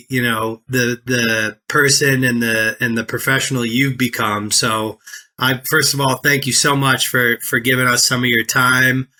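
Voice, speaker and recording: Bright-voiced effusive male podcast host. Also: mid-range voice. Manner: effusive, emphatic, repeats phrases. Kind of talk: casual podcast interview.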